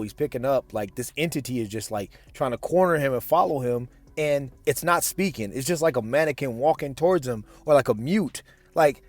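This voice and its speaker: A man's voice: mid-range voice, dry recording. A man hosts a reaction show and gives blunt, mocking commentary full of slang. His voice sits in a middle register for a man. The sound is dry and close, with almost no room around it. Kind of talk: casual commentary on clips.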